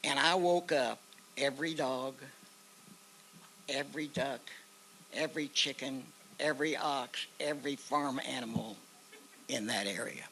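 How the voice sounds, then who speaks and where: At an outdoor park memorial ceremony, an older veteran with an Oklahoma accent, there as guest speaker, tells a personal war story in a folksy way and acts out the quoted voices. His medium-pitched voice is bright and forceful, unhurried with long pauses, and the poor audio has slight background noise.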